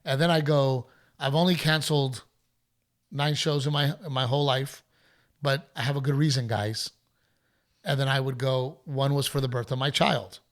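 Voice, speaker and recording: A middle-aged man hosting a podcast, telling a story in a casual, animated way and acting out other people's voices. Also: medium pitch, normal speed. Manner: animated, acts out heckler voices. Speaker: podcast host.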